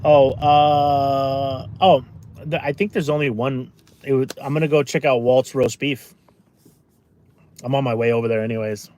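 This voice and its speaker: A man's voice: medium pitch, fairly even intonation, a little slow, mellow. A man in his forties chatting casually on a live stream from his car, rambling through stories with lots of fillers and restarts and reading out viewer comments, recorded on a phone. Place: in a car, driving around town. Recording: car and street noise behind.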